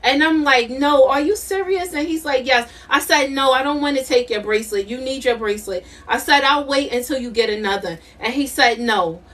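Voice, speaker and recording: A woman's voice: high-pitched, brisk, few pauses, a bit bright, far from the mic. A middle-aged woman doing a live tarot reading, emphatic and repetitive, laughing often. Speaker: intuitive tarot reader.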